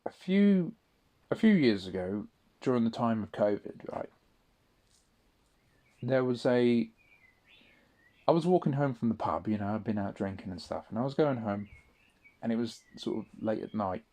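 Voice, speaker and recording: A man's voice: fairly low pitch, animated, normal speed, pauses often, dark tone. A man in a casual spoken monologue, rambling and swearing often, with frequent restarts. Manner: rambling, profane, restarts a lot. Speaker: audio diarist.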